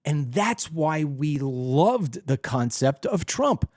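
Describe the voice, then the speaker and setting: A man with a fairly high voice, big pitch swings and a darkish tone delivers a slow, heated monologue as host of a political commentary show. Speaking emphatically from his home desk, he acts out other people's reactions, captured in clean studio sound without echo.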